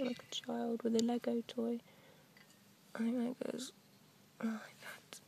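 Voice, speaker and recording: A woman chatting excitably while metal detecting outdoors in a farm field, often dropping her voice to a hushed whisper. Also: a little high, measured pace, gravelly, long pauses, noisy background. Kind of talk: casual outdoor commentary.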